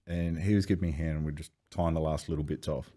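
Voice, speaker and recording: A man, telling swearing, animated anecdotes as a podcast guest. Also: rumbling low, quick pace. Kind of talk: casual storytelling chat.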